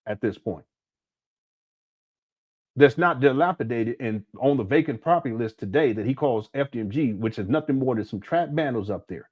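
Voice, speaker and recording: A man hosting a casual live-stream commentary, talking in a rambling, animated way with frequent restarts and crude language. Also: mid-range voice, moderate pace, breathy edge, lo-fi sound. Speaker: commentary channel host.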